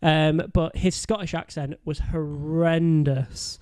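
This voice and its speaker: A man's voice: on the high side, steady tone, slow pace, a little mellow, smooth, no room sound, clean studio sound. A man co-hosting a podcast who chats casually, shares opinions and laughs readily. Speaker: podcast co-host. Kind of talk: casual chat. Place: indoor podcast room.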